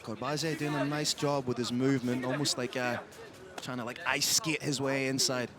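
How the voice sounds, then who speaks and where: With a level tone, medium pitch, and moderate pace, this male MMA commentator breaks down technique and tactics live as the fight happens. He's calling an open-air arena event, where a loud crowd can be heard in the background.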